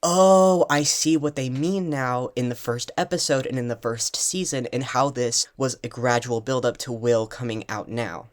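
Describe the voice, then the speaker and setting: An excitable fan vlogger talking from home, swearing freely and swinging between quick, mid-pitched analysis and loud, gleeful outbursts. The energy runs high and hard to contain throughout. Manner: passionate, swears often, bursts into loud excited rants.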